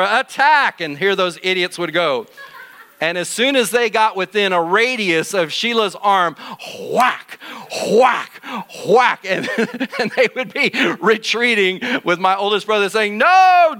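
A middle-aged man teaching in church, telling a Bible story to children in an animated, jokey way. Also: sits high, clear, resonant tone.

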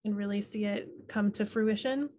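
A woman co-hosting a casual chat, calm and affirming as she responds and shares her view. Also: medium pitch, normal speed.

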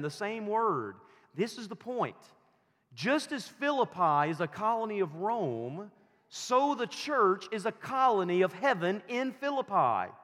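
A man preaching a sermon in a slow, emphatic style, repeating his key phrases for weight. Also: high-pitched, a bit bright, in a large hall. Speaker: pastor.

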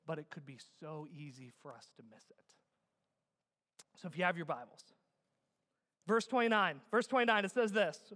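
High bright-voiced pastor guy preaching, shouts stuff out, big echoey church hall. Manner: animated, shouts key words for emphasis. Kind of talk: sermon. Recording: echoey hall with long reverb.

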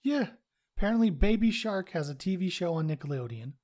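Mellow, laid-back podcast guy. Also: high voice, animated, a little fast. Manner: laid-back, swears casually, brings up news items. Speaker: podcast co-host. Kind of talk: casual chat.

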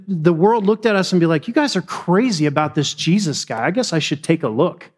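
A man preaching a sermon to his church in an animated style, with sudden high shouts and quick conversational asides. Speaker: pastor.

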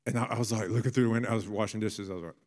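A man in his thirties preaching a sermon as a pastor, telling family stories and building to bursts of excitement. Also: on the low side, racing, big-room sound.

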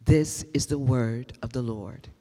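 A reader giving a scripture reading in a slow, measured way during a service. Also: medium pitch, dark tone. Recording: long reverb of a large hall.

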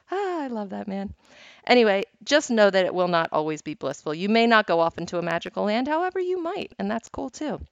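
A woman's voice: mid-range voice, very animated, brisk, vocal fry, no echo. A woman hosting a meditation podcast, teaching in a casual, chatty way and telling stories with frequent laughs, on a dull, lo-fi recording. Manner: chatty, storytelling, laughs often.

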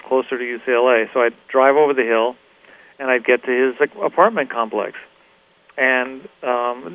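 A middle-aged man, a guitarist guest in a radio interview, telling stories in a relaxed, rambling way with many fillers and restarts. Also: mid-range voice, narrow, tinny audio. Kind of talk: casual interview storytelling.

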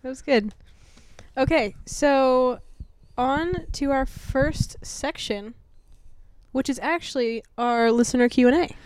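Playful woman with a smooth, higher voice. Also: takes it slowly, a little mellow, no echo. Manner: playful, teasing. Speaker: podcast co-host. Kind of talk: casual chat.

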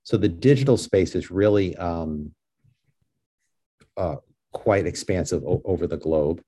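A man from New York speaks as a guest in a relaxed interview. His voice sits low and mellow, and he talks earnestly, often restarting his sentences. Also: unhurried, breathy edge. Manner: earnest, with frequent restarts and "you know". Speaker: guest, ministry leader. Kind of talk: casual interview chat.

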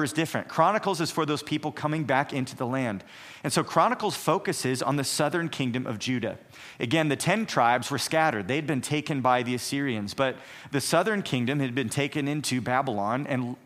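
A man's voice: medium pitch, fairly bright tone. A man teaching a recorded Bible survey lesson, explaining earnestly and asking rhetorical questions.

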